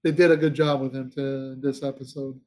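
A man's voice: medium pitch, flat delivery, fairly quick, a little mellow. A man co-hosting a casual podcast chat, rambling with restarts and searching for names as he talks. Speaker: podcast co-host.

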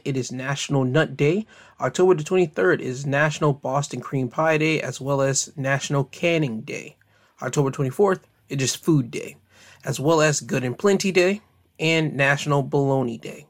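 A man hosting his own podcast, talking casually and directly to his listeners, chatty and friendly, rambling a little and correcting himself as he goes. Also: on the high side. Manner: relaxed, rambling delivery with fillers and self-corrections. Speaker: podcast host. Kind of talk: casual solo podcast monologue.

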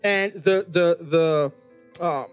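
A man's voice: a little high, very slow, faint music behind. A middle-aged male pastor preaching a sermon, repeating key lines and stretching words for emphasis, with light jokes to the congregation.

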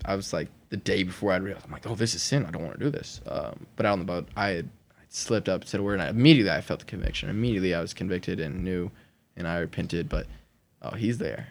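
A young man telling his personal testimony in casual conversation, animated, laughing often and acting out what people said. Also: sits low. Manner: animated, acts out quoted voices, laughs often.

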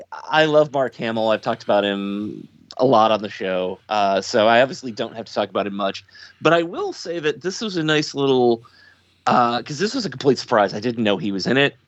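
A man hosting a podcast, talking thoughtfully in casual chat and pausing often on ums and uhs. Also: medium pitch, a bit bright, dry recording. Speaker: podcast host. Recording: dry, dull lo-fi sound.

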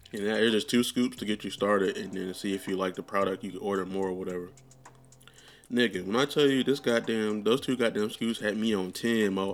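A young man hosting a podcast, chatting casually in a rambling, profane way with lots of fillers. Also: low-pitched. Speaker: podcast host. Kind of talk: casual chat.

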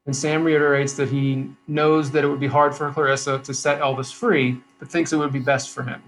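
A man in casual chat who laughs often and rambles with restarts while pitching a script to his co-hosts. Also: level tone, fairly quick, fairly bright tone, slight background noise, low-quality recording. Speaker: podcast co-host pitching a script.

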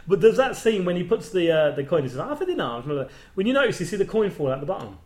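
A man's voice: high-pitched, very animated, fast talker, darkish tone. A man in casual conversation, enthusiastically retelling comedy scenes and laughing along. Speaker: podcast host. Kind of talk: casual film chat.

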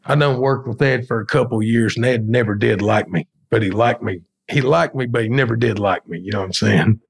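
A middle-aged man, a podcast guest telling work stories in a colloquial, animated way. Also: medium pitch, a little fast, creaky, breathy edge. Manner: colloquial, animated storyteller acting out quotes. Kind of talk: casual storytelling in an interview.

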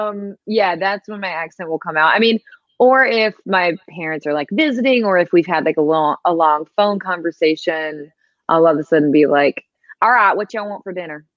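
A chatty woman from Georgia talks as a guest, her voice set a little low. She laughs often and leans on fillers. The sound is dry and slightly muffled. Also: normal speed, no echo. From Georgia, USA. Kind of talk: casual interview chat.

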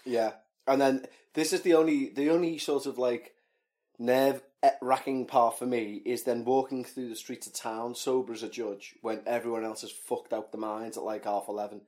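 A man co-hosting a podcast chats casually, joking his way through ranting tangents. His medium-pitched voice is a little mellow, with fairly even intonation and a moderate pace.

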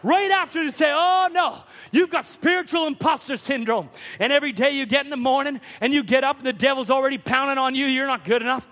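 A man preaching a sermon from the pulpit, building to impassioned shouts. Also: very high voice, fast talker, few pauses. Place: church sanctuary. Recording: church hall reverb.

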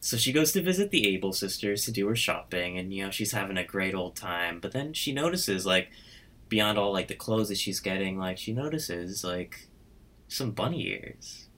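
Low-voiced man rambling through a story. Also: expressive, normal speed, fairly bright tone. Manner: rambling, full of "like" and quoted voices. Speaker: storyteller pitching a story idea. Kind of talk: casual chat, retelling a story.

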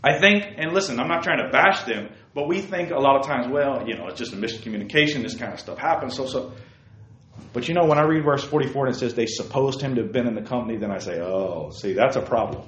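A man preaching a sermon to young people, lively, calling listeners by name and asking them questions, swinging from loud outbursts to hushed asides. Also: mid-range voice, quick pace, reverberant, dull audio, slight background noise. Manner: addresses listeners by name, asks rhetorical questions. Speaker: youth preacher.

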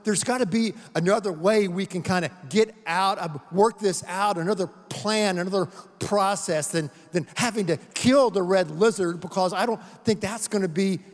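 Guy putting on a high shaky ghost voice, stuttering and begging, big echoey hall. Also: normal speed, few pauses, natural voice. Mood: pleading. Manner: stammering, pleading, rising to frantic. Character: timid stammering male ghost, gray and oily.

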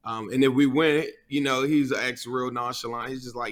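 A man's voice: mid-range voice, steady tone, moderate pace. Easygoing American man, chatty sports fan. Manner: easygoing, chatty, many fillers. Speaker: podcast host guest. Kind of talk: casual sports chat.

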